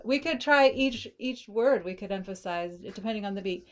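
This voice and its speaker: A woman's voice: mid-range voice, expressive, normal speed. Woman coaching songwriting, sings phrases. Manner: thinks aloud, sings lines to demonstrate phrasing. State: slight frog in throat. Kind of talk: casual feedback session.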